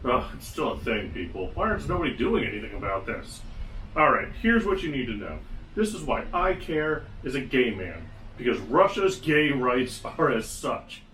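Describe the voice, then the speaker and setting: A man's voice: mid-range voice, big pitch swings, moderate pace, a bit bright, a little hiss or hum. A man hosting his own podcast, talking through a casual solo commentary with sarcastic, wry asides. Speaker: podcast host. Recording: echoey room, mic at a distance.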